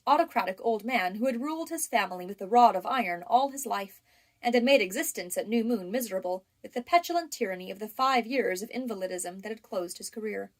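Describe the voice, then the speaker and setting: A woman narrating a classic novel as an audiobook reader, in a measured, even storytelling manner. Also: on the high side.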